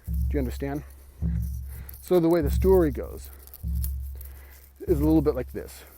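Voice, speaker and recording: A man teaching an esoteric lesson while walking outdoors, slightly out of breath, halting and restarting his words. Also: fairly high pitch, expressive, mellow, soft background music. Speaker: esoteric mystery school teacher. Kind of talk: rambling spoken lesson.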